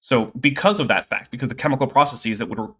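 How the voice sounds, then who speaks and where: A man's voice: medium pitch, fast talker, sharp tone, breathy edge. A man hosting a livestream, explaining science in a casual, nerdy way with many fillers. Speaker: host.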